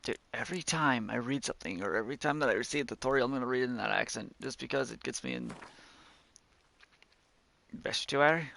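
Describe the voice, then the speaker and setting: A man's voice: mid-range voice, sing-song, brisk, creaky, pushed and bright, a little hiss or hum. A man streaming a video game, reading on-screen text aloud and stumbling over words, with joking, swearing asides. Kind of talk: casual let's-play commentary, reading on-screen text aloud.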